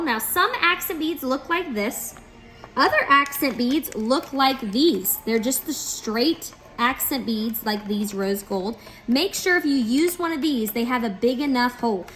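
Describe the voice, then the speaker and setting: A woman's voice: high voice, expressive, normal speed, fairly bright tone. Upbeat woman trainer demonstrating bracelet beading. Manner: upbeat, instructive, checks in with listeners. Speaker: store trainer.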